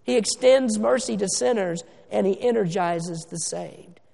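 High-voiced gravelly preacher in a church hall. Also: male voice. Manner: emphatic, slows down for stress, swings between loud and hushed. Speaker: pastor. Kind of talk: sermon. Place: church sanctuary. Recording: long reverb of a church hall.

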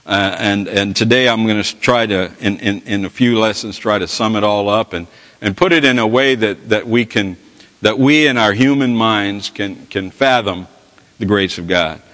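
A man teaching a Bible study lesson in a folksy, halting way with many restarts. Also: fairly low pitch, fairly bright tone, in a large hall.

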